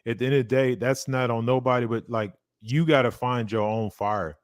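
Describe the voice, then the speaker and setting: A man's voice: mid-range voice, normal speed, dry recording. Casting: man, casual boxing talk, rambling and profane, dry close mic. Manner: animated, profane, rambling with many fillers. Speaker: boxing co-host. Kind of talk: casual live watch-along chat.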